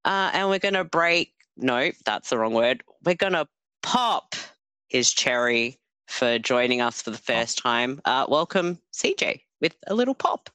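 A woman hosts a casual podcast in a bright, animated voice, swearing freely and laughing often. Her pitch jumps around a lot as she talks. The sound is dry and close. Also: measured pace, smooth, no room sound. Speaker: podcast host. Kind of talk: casual chat.

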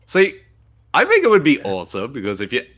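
A man's voice: medium pitch, wildly swooping pitch, brisk, a bit bright. A man chatting casually over a movie he is watching, joking and rambling with frequent laughs. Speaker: co-host.

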